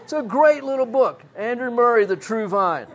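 Folksy older man with a high voice, preaching. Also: expressive, normal speed, fairly bright tone, slight background noise. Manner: folksy, self-mocking, with prop demonstrations. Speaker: pastor. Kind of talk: sermon.

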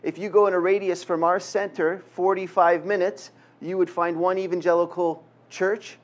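A man's voice: high voice, level tone, normal speed. A man from a ministry center speaking informally to a Christian gathering, conversational with dry humorous asides. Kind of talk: informal talk to a Christian audience.

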